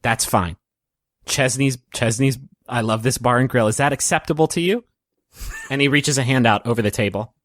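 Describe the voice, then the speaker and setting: A man's voice: mid-range voice, moderate pace, fairly bright tone, no room sound, clean studio sound. Casual man narrating a tabletop game. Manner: casual, with many fillers and chuckles. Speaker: game master.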